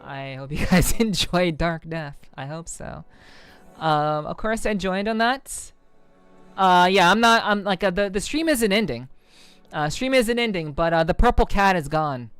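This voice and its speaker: A woman's voice: lowish voice, animated, measured pace, smooth, no room sound, soft background music. A woman streamer chatting casually with her viewers, rambling with many fillers and restarts and swearing freely. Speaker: VTuber streamer. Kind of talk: casual stream chat reading comments.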